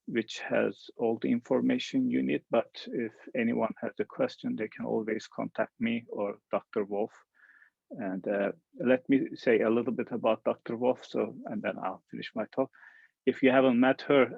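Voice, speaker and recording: Gravelly hesitant man, dull dry sound. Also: fairly low pitch, darkish tone, dry recording. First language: Turkish. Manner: hesitant, with many "uh"s. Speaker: professor. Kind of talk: presenting a program in a webinar.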